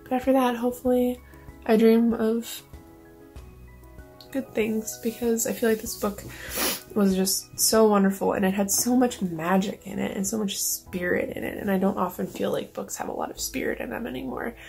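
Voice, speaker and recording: A woman's voice: fairly high pitch, fairly even intonation, normal speed, vocal fry, darkish tone, faint music behind. A woman vlogger talking casually and emotionally, close to tears, with many fillers. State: near tears. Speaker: book vlogger. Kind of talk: casual vlog talk.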